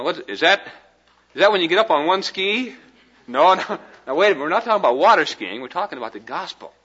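A man's voice: on the high side, pushed and bright, muffled recording. A man teaching a class on communication at a board, folksy and conversational, often checking in with his listeners. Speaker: Christian ministry teacher.

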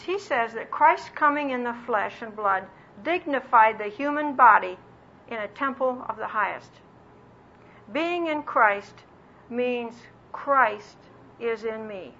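A woman's voice: a little high, bright, forceful tone. Earnest woman teaching a sermon, lo-fi. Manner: earnest, slows down to stress key phrases; acts out little quoted voices with self-deprecating humor. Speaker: Bible teacher. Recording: dull lo-fi recording with faint background hiss.

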